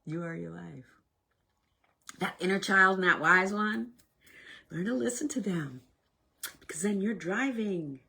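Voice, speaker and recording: A woman leading a self-help workshop in a casual motivational talk. She is animated, swinging between loud bursts and hushed, near-whispered lines. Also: medium pitch, measured pace, gravelly, long pauses, husky.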